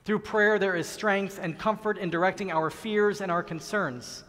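Earnest rabbi in a reverberant hall. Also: male voice, sits high, fairly bright tone. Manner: measured, earnest sermon delivery with slow emphatic pauses. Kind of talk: sermon. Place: large synagogue sanctuary. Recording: long reverb of a large hall.

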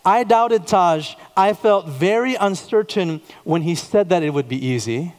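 A man's voice: high-pitched, lively intonation, a little slow. A man in his thirties preaching a sermon, telling personal stories and posing repeated questions to the congregation. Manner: storytelling, repeats words, emphatic questions. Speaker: pastor. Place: church sanctuary. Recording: long reverb of a church hall.

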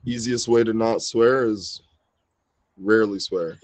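A man's voice: lowish voice, unhurried, a little mellow. A man co-hosting a livestream, chatting casually in a teasing, joking, plain-spoken way. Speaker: livestream co-host. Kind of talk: casual chat.

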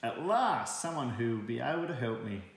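A man's voice: medium pitch, sing-song, normal speed, creaky. A man doing an indignant little mole. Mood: excited. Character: small indignant male mole. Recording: very echoey room.

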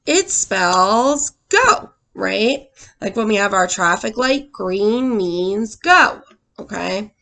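Slow, gravelly-voiced woman teacher. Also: mid-range voice. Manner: expressive read-aloud with sound effects and questions to the children. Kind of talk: reading aloud and teaching young children.

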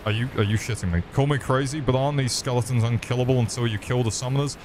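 A man's voice: mid-range voice, fast, background noise. A man streaming a game, swearing often and joking with his chat. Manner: swearing, joking, chatting to viewers. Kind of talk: casual gaming commentary.

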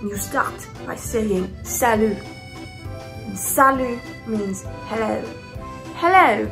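A woman's voice: fairly high pitch, slow, over music. A woman playing a haughty, blunt French woman who teaches the language, in a put-on French accent that keeps slipping into British. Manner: blunt, mock-arrogant, theatrical. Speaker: comedic host. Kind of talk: comedy sketch with makeup tutorial.

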